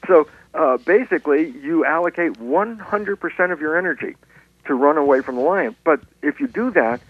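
Husky man on a tinny line. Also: medium pitch, dry recording. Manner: lively lecturing with stories and repeated restarts. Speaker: guest scientist explaining cell biology. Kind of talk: explanatory interview talk. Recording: tinny phone-line sound.

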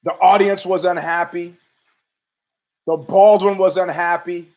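A man's voice: high-pitched, steady tone, a little slow, a little mellow, poor audio. A man hosting a podcast, rambling and profane, arguing with himself in a casual monologue. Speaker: podcast host.

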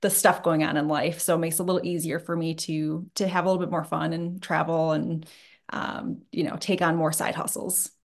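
A woman's voice: low voice, flat delivery, a little fast. A woman who is a guest on a podcast, talking modestly and chattily with many fillers. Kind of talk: casual interview chat.

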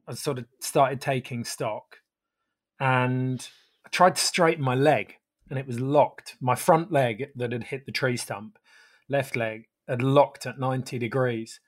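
A man recounts his story in an even, matter-of-fact tone. He talks casually and calmly, and his voice sometimes sinks into low, quiet asides. His pitch sits in the middle of the usual range. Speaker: guest telling a story.

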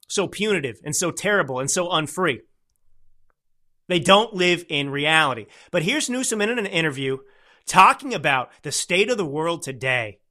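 Guy ranting on his podcast, high bright voice, keeps repeating himself scornfully. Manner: indignant, repetitive, scornful. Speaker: podcast host. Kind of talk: political commentary.

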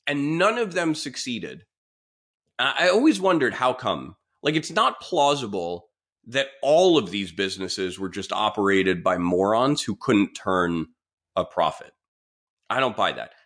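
Male podcast host from New York, storytelling monologue, animated, slips into voices for quotes. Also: fairly low pitch, a little slow. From New York City. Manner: chatty, animated, voices others in quoted asides. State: sick with Covid.

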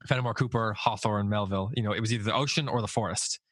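A man with a lowish voice hosts a relaxed book talk. He circles his points, stops and restarts his sentences as he thinks aloud. The sound is dry and close. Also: rapid-fire, no echo. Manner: rambling, many restarts and self-corrections. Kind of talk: casual literary discussion.

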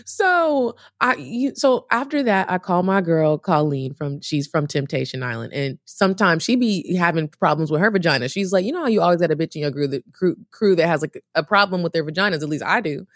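A woman with a fairly low voice tells a story as a podcast guest. She is animated and profane and acts out the voices of the people in her tale. The recording is dry and close. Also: a little fast, few pauses, no room sound. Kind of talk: casual storytelling chat.

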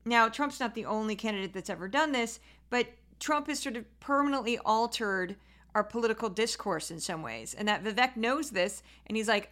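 Woman podcast host, bright tone, sarcastic, opinionated, casual commentary. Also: on the high side, expressive, a little fast. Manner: opinionated, sarcastic, with frequent fillers.

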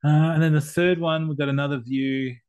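A man co-judging a photo competition on a podcast, describing pictures in an easygoing way with many pauses and fillers. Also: fairly high pitch, steady tone, a little mellow, dull audio, slight background noise. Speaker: co-judge. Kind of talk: casual chat.

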